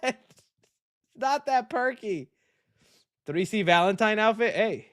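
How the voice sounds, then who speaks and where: A man hosting a casual movie news livestream, chatty and animated, often breaking into laughter. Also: high voice, slow pace, clear, resonant tone.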